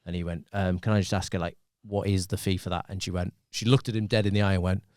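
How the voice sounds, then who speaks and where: Man, low voice, rapid podcast banter, dry close sound. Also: smooth, dry recording. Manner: quick storytelling, animated anecdotes. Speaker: podcast co-host. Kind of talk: casual chat.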